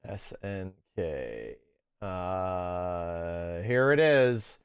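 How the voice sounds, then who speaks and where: Excitable male streamer, dry close sound. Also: low-pitched, drawn-out words, clear, resonant tone, no room sound. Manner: excitable, talks to his chat, laughs easily. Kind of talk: casual live-stream chat.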